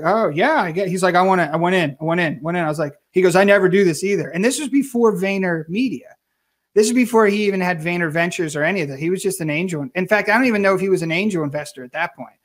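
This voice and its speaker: A man being interviewed, telling career stories in a casual, animated way and acting out what others said. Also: a little high. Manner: animated storyteller, acts out quoted voices. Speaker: guest.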